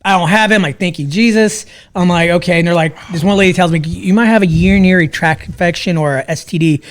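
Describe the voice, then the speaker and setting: A man in his thirties, a podcast guest telling a story casually, profane and animated. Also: high-pitched, fast.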